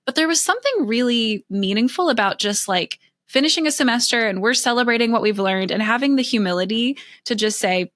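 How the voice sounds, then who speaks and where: A woman's voice: a little high, expressive, a little fast, hardly any pauses, fairly bright tone, dry recording, clean studio sound. A young adult woman being interviewed as a podcast guest, telling reflective stories and often laughing as she talks. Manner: reflective storytelling with frequent laughs. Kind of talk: conversational interview answers.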